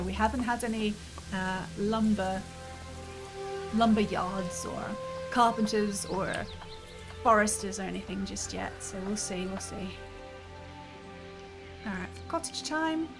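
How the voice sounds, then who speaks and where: Chatty woman streamer over game music. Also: mid-range voice. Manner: chatty, musing aloud, frequent laughs. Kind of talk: casual gameplay commentary. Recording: game music playing behind.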